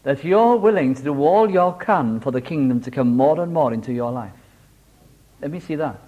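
A Welsh man preaching a sermon, animated and homely, telling a simple story with small jokes. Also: mid-range voice, moderate pace, lo-fi sound. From Wales.

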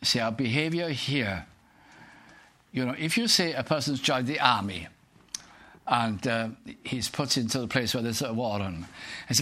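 Older male preacher with a bright, earnest delivery who presses the congregation with questions. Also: medium pitch, moderate pace. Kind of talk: sermon.

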